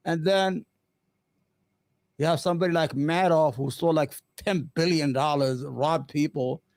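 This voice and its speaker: A man hosting an opinionated live commentary stream, impassioned and sarcastic, often halting on fillers and restarts. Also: high-pitched, dry recording. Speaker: livestream host.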